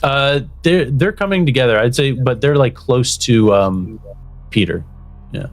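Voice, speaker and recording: A man's voice: mid-range voice, a little slow, soft background music. A man narrating as game master in a tabletop game, loose and chatty with lots of fillers. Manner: loose, full of fillers like "you know" and "right?".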